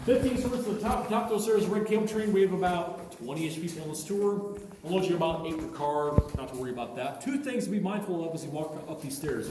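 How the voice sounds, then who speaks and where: A man, a cave tour guide telling a story in a lively, folksy way. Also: on the high side. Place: large underground cave. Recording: echoey cave from far off with faint noise.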